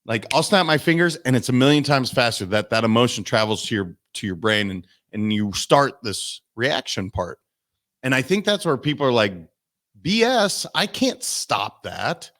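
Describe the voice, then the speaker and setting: A man, a guest coach in a podcast interview, telling stories in an animated way and acting out the people he quotes. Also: medium pitch, moderate pace. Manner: animated storytelling, acts out voices in quotes. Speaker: guest, mindset and business coach.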